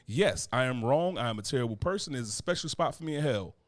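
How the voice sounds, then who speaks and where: A man's voice: medium pitch, fast talker, dry recording, studio quality. Profane joking man on a podcast. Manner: profane, animated, joking, reads chat aloud. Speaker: podcast co-host. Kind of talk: casual chat.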